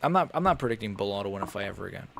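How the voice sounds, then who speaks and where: A man's voice: on the low side, racing, gravelly, a little hiss or hum. A young man casually commentating a live fight on a stream, swearing and getting worked up, often grumbling under his breath. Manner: casual, swearing, animated and frustrated. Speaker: MMA streamer.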